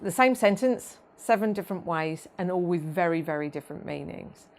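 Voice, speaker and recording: A woman giving a training talk about autism, measured and explanatory, with frequent ums and restarts. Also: lowish voice, lively intonation.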